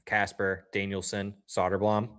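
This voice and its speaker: A man in the middle of a casual live game watch-along, chatting to his viewers between plays. His delivery is upbeat and loose, and he jumps up loudly when something happens on the ice. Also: fairly low pitch, flat delivery, a little slow, clean tone. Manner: talks straight to chat viewers. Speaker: livestream host.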